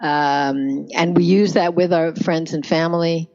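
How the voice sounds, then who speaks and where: A Canadian woman being interviewed as a pronunciation coach, talking in a measured, thoughtful way. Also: low voice, fairly even intonation, darkish tone, muffled recording. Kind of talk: casual interview talk.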